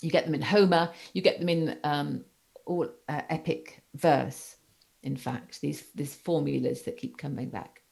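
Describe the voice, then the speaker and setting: A woman teaches a literature class online in a deep voice with plenty of vocal fry. She works her ideas out aloud, restating them and pausing to ask whether her students follow. She sounds like a lecturer thinking on her feet. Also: fairly even intonation, darkish tone. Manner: explanatory, rephrasing points and checking in with "okay?". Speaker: university lecturer.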